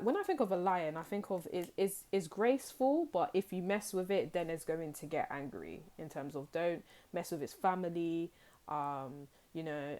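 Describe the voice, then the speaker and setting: A woman's voice: low-pitched, warm tone. A young woman gives a casual tarot reading. She talks in a chatty, rambling way and acts out people's reactions. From United Kingdom. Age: young adult. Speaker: tarot reader.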